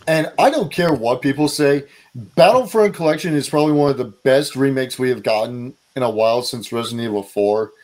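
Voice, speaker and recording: A man's voice: mid-range voice, a little fast. Opinionated podcast guy changing topics. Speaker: podcast co-host. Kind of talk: casual chat.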